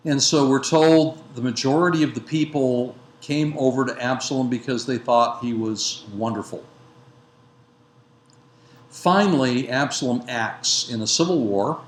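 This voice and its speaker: A man giving a lecture that retells a biblical narrative. He speaks in a measured way, with frequent fillers and self-corrections. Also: medium pitch. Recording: roomy echo with faint background noise.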